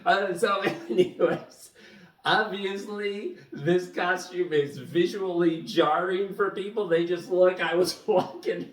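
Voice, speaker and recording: A man telling a story to the camera in a casual, animated way, chuckling as he goes. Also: high voice, unhurried. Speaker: vlogger. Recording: echoey room, mic at a distance.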